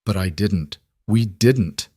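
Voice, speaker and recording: A man voicing a young woman who speaks softly and earnestly. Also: lowish voice, takes it slowly, slightly rough, no room sound, clean studio sound. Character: young woman, exhausted, tender.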